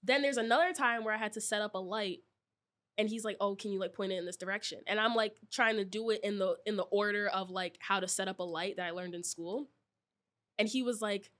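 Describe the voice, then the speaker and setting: A woman's voice: mid-range voice, fairly quick. A woman in her twenties from New York, chatting casually and telling a story full of fillers. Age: 20s. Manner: chatty, many fillers, animated retelling.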